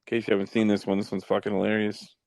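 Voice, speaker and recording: A man's voice: on the low side, monotone, quick pace, vocal fry, a little mellow, no room sound. A man hosting a podcast, telling stories in profane, rambling casual chat. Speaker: podcast host.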